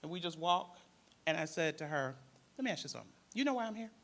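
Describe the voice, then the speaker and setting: A man's voice: on the high side, very animated, fast, vocal fry, a bit bright. A man with a Detroit accent, a panelist and former crisis worker, telling a story in casual speech and acting out the voices of the people in it.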